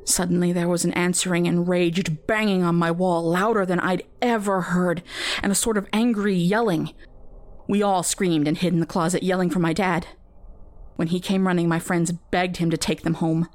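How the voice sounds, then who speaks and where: A woman with a lowish voice reads a first-person horror tale aloud. Her delivery is measured and intimate, a scripted narration for a dark-fiction podcast. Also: little pitch movement.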